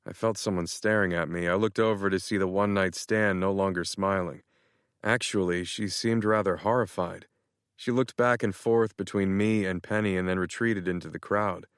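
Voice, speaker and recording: A man narrating an audiobook in the first person, with a measured, even delivery on a close studio mic. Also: deep voice, clean tone, no room sound.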